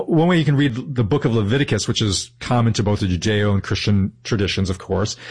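A man's voice: medium pitch, a little mellow, husky. A man being interviewed, explaining his ideas earnestly and thoughtfully, often restarting mid-sentence. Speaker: interview guest.

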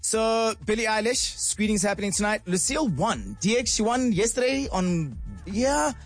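A man with a South African accent hosting an afternoon radio show, chatty and rushed, getting emotional. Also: sits high, lively intonation, faint music behind. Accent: South African English. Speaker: radio host. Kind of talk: radio show chat and read ads.

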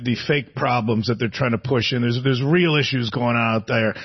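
A man's voice: medium pitch, breathy edge, highs cut off. A man in his forties doing a live stand-up set on a theater stage, rambling and self-mocking, chuckling at his own jokes. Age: 40s. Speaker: stand-up comedian. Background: audience laughter.

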